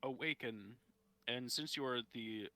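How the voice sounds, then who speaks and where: A man running a tabletop game as game master, relaxed and unhurried, laughing often. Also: mid-range voice, no echo.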